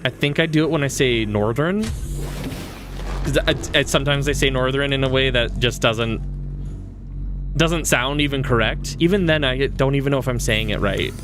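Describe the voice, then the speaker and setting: A man from Western Canada chats casually while streaming a game, rambling, restarting sentences and chuckling often. His voice is medium-pitched at a moderate pace, with background noise present.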